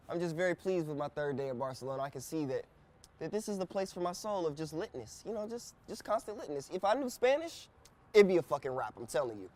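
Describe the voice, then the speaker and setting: Brief: American guy in his thirties, quick and high-ish, swears a lot, animated vlog host. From United States. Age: 30s. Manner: animated, profane storytelling. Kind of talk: casual travel vlog.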